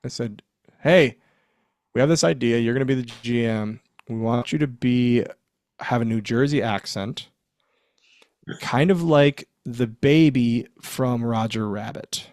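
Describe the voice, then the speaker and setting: A man's voice: medium pitch, unhurried, no echo, studio quality. A man in his forties, a former wrestler, telling backstage stories in a casual interview, acting out quotes and laughing often. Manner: animated storyteller, acts out quotes, laughs often.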